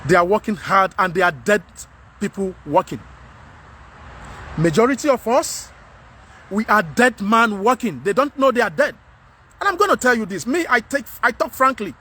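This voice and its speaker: A man's voice: high voice, lively intonation, normal speed, long pauses, bright, forceful tone, a little hiss or hum. A man with a Nigerian English accent, giving a frank, earnest monologue to camera as a vlogger, often repeating himself to press a point.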